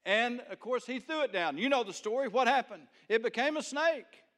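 With lively intonation and a normal pace, a middle-aged male pastor preaches in a folksy, homespun manner. He alternates between soft, low asides and loud bursts of emphasis.

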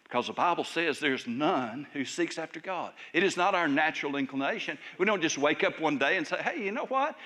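A male pastor preaching a sermon in a church service, emphatic and raised at times, then dropping to soft, hushed lines. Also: a little high, fairly quick, hardly any pauses.

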